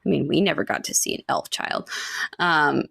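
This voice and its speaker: A woman's voice: low voice, moderate pace, creaky, fairly bright tone, dry recording, clean studio sound. A woman co-hosting a podcast, chatting casually about a book with many fillers and reading passages aloud. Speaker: podcast co-host.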